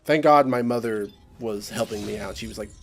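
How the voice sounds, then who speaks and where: A man's voice: fairly low pitch, a little fast, soft background music. A young man ranting casually to camera, exasperated and sarcastic, mimicking other people's voices when he quotes them. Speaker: vlogger. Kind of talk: casual rant.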